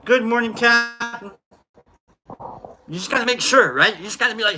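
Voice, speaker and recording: A man hosts a live stream in a loose, casual chat, calling out viewers by name and tossing off jokes. His voice is bright and forceful, and he rambles easily from one aside to the next. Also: very high voice, moderate pace.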